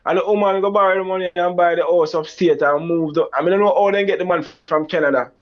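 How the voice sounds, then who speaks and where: A man's voice: high-pitched, steady tone, quick pace. A man with a Jamaican accent, telling a long personal story in a rambling way, acting out quoted lines. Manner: rambling, Jamaican Creole phrasing, acts out quoted lines in a raised voice. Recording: dull lo-fi sound.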